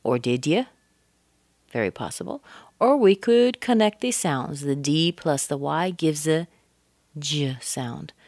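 A woman teaching English pronunciation, speaking deliberately and modeling words with exaggerated stress. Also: low voice, expressive, darkish tone, no room sound. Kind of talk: pronunciation lesson.

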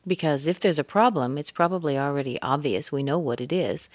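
A woman teaching English pronunciation, speaking deliberately and modeling words with exaggerated stress. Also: sits low, no room sound, clean studio sound. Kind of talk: pronunciation lesson.

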